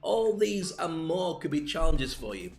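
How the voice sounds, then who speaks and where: A man's voice: on the high side, unhurried, gravelly, faint music behind. An older man coaching on speaking, playful and jokey, acting out little scenes with many asides. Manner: animated, acts out little scenes. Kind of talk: livestream talk.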